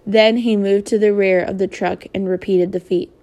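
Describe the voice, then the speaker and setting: A woman reading a novel aloud in a steady, even manner. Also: mid-range voice, normal speed, highs cut off. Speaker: reader.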